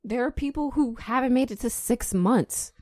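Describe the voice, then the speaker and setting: A woman's voice: on the high side, normal speed, darkish tone, no echo, studio quality. A woman in her twenties co-hosting a podcast, swearing freely and laughing often in casual banter. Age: 20s. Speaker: podcast co-host.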